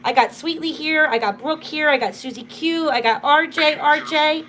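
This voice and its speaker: A woman's voice: sits high, normal speed, a bit bright, slight background noise. Chatty woman hosting a livestream. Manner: chatty storytelling, full of "like". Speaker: livestream host. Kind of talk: casual livestream chat. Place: at home.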